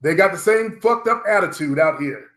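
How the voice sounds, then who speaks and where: A middle-aged man vlogs from home in a loose, rambling monologue, speaking bluntly and profanely straight to his viewers. His voice is on the high side, expressive and fairly bright, at a normal speed, with a roomy echo in the recording.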